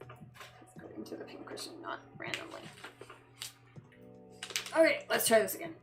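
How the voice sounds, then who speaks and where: Chatty woman, high voice, echoey room. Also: animated, normal speed, loud music behind the voice. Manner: chatty, rambling, swears when frustrated. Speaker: fashion designer. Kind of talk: casual livestream chat while working. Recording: echoey room with background noise.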